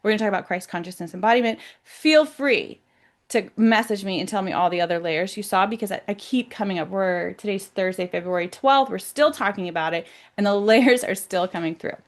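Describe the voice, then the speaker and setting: An American woman talking casually to her viewers, excited and emphatic, often repeating words for stress. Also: medium pitch, a little fast. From United States. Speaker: self-described psychic vlogger. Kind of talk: casual monologue to camera.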